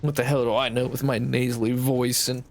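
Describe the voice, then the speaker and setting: A man's voice: mid-range voice, level tone, a little fast, faint music behind. A man with a Canadian accent and a nasal-sounding voice, rambling and swearing casually through gameplay commentary as a streamer. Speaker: game streamer.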